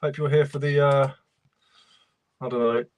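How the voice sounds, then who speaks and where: A man's voice: medium pitch, fairly even intonation, unhurried, smooth, no room sound. A young man, casually chatting and greeting viewers by name while he works on a livestream. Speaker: reseller livestream host.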